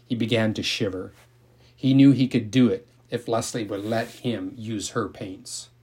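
A man narrating a novel aloud in a calm, measured storytelling manner. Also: on the low side, slightly rough. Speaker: audiobook narrator.

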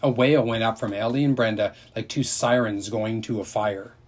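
A man reading a children's novel aloud in a steady, unhurried storytelling manner, with a husky voice. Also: on the low side. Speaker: narrator.

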